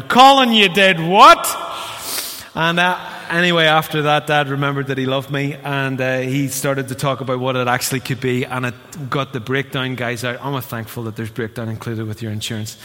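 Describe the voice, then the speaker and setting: A man delivers a sermon from the pulpit, animated and quick to act out voices as he tells his stories. His voice is bright and forceful. It rings with the long reverb of a church hall. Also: medium pitch. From Northern Ireland. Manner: animated storyteller, acts out voices. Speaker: pastor.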